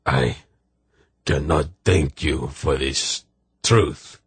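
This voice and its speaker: A grief-stricken emperor drags out each word in slow, heavy anguish. A man reads him in a deep, husky voice. The audiobook recording is dry and close. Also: lively intonation, fairly bright tone, dry recording, heavily acted. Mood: bitter. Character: grief-stricken middle-aged male emperor. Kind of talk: audiobook character voice.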